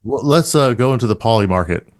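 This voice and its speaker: A man's voice: medium pitch, lively intonation, quick pace. A man co-hosting a podcast, chatting casually and joking in a rambling way. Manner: rambling, joking, laughs often. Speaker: podcast co-host. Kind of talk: casual chat.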